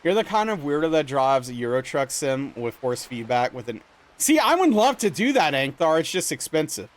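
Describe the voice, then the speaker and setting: A man's voice: a little high, sing-song, moderate pace. A young man from Louisiana chatting casually with viewers on a livestream, reading chat aloud and answering playfully with bursts of mock outrage. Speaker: streamer.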